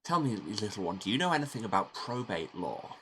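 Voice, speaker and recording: A man's voice: lowish voice, sing-song, a little fast, bright, forceful tone, slight background noise. A man with an English accent giving sardonic, rambling commentary while playing a video game. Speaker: let's play host. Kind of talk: let's play commentary.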